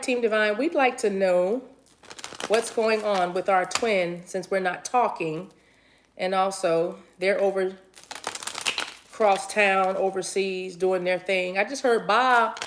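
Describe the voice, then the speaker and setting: A woman's voice: medium pitch, a little hiss or hum. A woman giving a casual livestream tarot reading, chatty and playful, laughing easily. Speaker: tarot reader.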